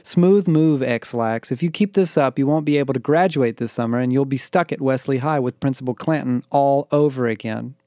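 A man's voice: mid-range voice, normal speed, dark tone, dry recording, studio quality, natural voice. A man voicing a bossy, motherly teenage girl who whines and scolds in a raised voice. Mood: scolding. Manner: whiny, defensive, scolding.

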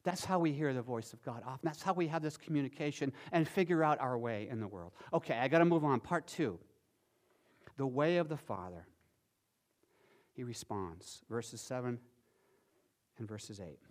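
A middle-aged man preaching a sermon as pastor, swinging between loud emphatic lines and soft, quiet ones. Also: medium pitch, normal speed, long pauses. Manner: animated, shifting from loud emphasis to soft near-whispers.

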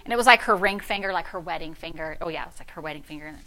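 A middle-aged woman pastor preaching a sermon, telling a story with sassy, animated delivery that swings from hushed to loud. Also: sits low, racing, hardly any pauses, slight background noise.

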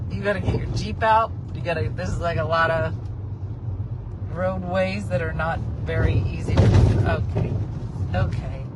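A woman in her forties telling a casual, animated story from a moving car, often acting out the people she quotes. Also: lowish voice. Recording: car road noise behind.

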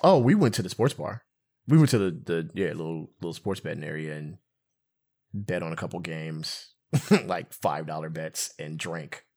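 A man's voice: sits low, expressive, moderate pace, darkish tone, slightly rough. A man co-hosting a casual chat, telling stories with mock outrage and frequent laughter. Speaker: podcast co-host.

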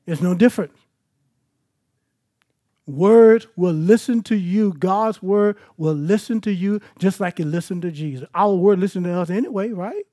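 A man's voice: high voice, normal speed, mellow. A man preaching a sermon at an evening church service, moving between scripture and personal stories in an emphatic, conversational way.

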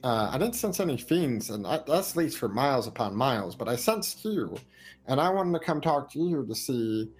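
A man's voice: medium pitch, very animated, moderate pace, breathy edge. A man playing a tabletop game, talking casually and rambling with many fillers and restarts. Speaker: player.

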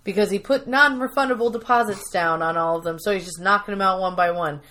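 A woman's voice: mid-range voice, quick pace, sharp tone. A woman co-hosting a casual podcast, chattily retelling a TV episode and acting out lines from it. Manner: chatty storytelling, acts out quotes in voices. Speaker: podcast co-host recapping a TV episode. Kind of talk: casual chat.

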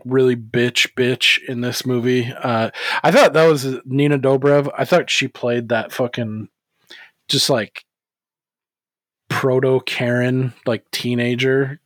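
Male podcast co-host, mid-pitched, casual and profane, quick to laugh, dry close-mic read. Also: a bit bright, no echo. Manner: swears freely, laughs easily. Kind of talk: casual chat.

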